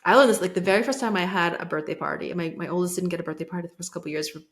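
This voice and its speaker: Conversational woman with a lowish voice. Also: rapid-fire. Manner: conversational, chimes in with short replies. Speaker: podcast co-host. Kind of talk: casual chat.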